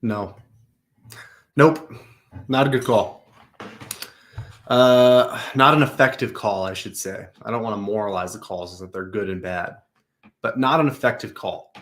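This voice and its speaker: A man's voice: on the low side, unhurried, pauses often, fairly bright tone. A man hosting a show, coaching managers on a recorded service call in a direct, advisory way. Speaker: customer service coach, host.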